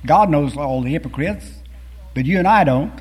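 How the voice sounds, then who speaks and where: A man's voice: fairly high pitch, expressive, normal speed, darkish tone, slightly rough. A man preaching a sermon, reading scripture and poetry with earnest rising and falling emphasis. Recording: long hall reverb.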